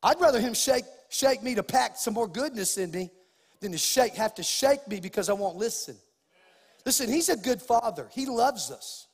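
A middle-aged man preaching a sermon as pastor, acting out lively bits of dialogue as he goes. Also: very high-pitched, moderate pace, breathy edge, big-room sound. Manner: preaching with acted-out dialogue and rising emphasis.

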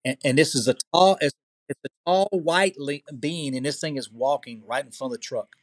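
A man from Louisiana with a Southern US accent, a podcast guest telling a personal story excitedly, repeating phrases and checking in with the listener. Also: a little high, moderate pace, no echo.

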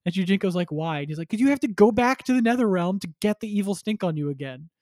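A man's voice: high voice, expressive, fast talker, darkish tone, dry recording, clean studio sound. A man chatting casually on a podcast, retelling a story and acting out characters with crude humor. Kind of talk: casual chat.

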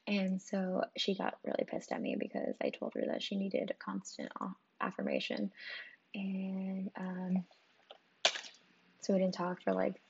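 Chatty young woman with a gravelly voice. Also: mid-range voice, expressive, unhurried, a little mellow. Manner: chatty, profane, lots of "like" and "um". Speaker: vlogger. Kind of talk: casual story time. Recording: dull lo-fi audio with clear noise.

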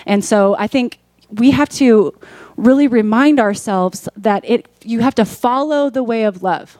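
A woman's voice: on the high side, measured pace, darkish tone, no room sound. A woman pastor preaching a sermon in a conversational way that rises to emphatic peaks.

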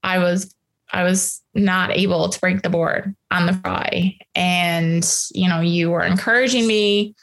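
A woman guest telling a personal story, emotional and halting, with many restarts. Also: fairly low pitch, fairly even intonation, fairly bright tone.

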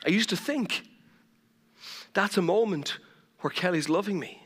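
A middle-aged Irish pastor preaches with a high, bright, forceful voice, mixing humor and self-mocking stories into his sermon. His voice rings with the long reverb of a large church hall, picked up by a stage mic. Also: brisk. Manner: humorous storytelling, laughing at himself. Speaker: lead pastor.

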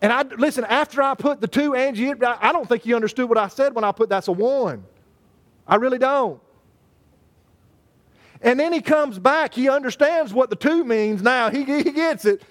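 High-voiced folksy pastor, man. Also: normal speed. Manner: folksy, joking, addresses congregation by name. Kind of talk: sermon.

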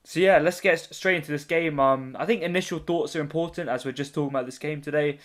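A man's voice: on the high side, fast. A man hosting a casual football podcast, joking and rambling as he leads the chat. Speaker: podcast host.

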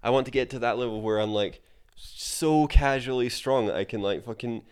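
A man's voice: medium pitch, moderate pace, a little mellow, clear, resonant tone, no echo, clean studio sound. A man co-hosting a podcast, talking through a film in casual, rambling chat full of "like" fillers and casual swearing. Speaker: podcast co-host.

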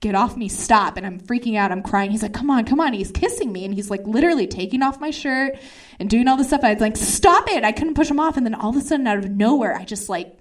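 A young woman telling a stand-up comedy story, talking fast and acting out every voice in it. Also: fairly high pitch. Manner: fast, animated, acts out every voice in her story.

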